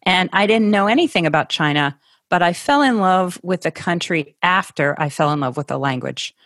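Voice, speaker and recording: Woman, from Ohio, middle-aged, interview guest, lowish voice, thoughtful, dry close sound. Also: animated, moderate pace, a bit bright, dry recording. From Ohio, USA. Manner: thoughtful, with frequent restarts and laughs. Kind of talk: conversational interview.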